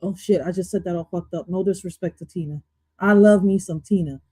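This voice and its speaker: A woman hosting a casual livestream, reacting to clips in a loud, profane, animated way and dropping in Spanish exclamations. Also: on the low side, fairly quick, husky, dry recording, faint music behind. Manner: loud, profane, animated, jumps between topics.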